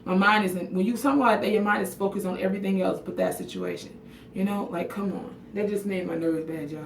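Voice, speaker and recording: Gravelly woman ranting on a livestream, echoey. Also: mid-range voice, animated, fast talker, noisy background. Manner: frank, emotional, swears freely, answers viewer comments by name. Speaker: livestream vlogger. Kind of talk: casual livestream chat to viewers. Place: bathroom at home. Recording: echoey room audio picked up from a distance.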